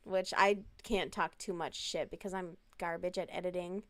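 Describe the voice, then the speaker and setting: A woman's voice: fairly low pitch, fairly even intonation, moderate pace, fairly bright tone. A woman talking in a casual, chatty way on a live stream, answering chat messages and swearing freely.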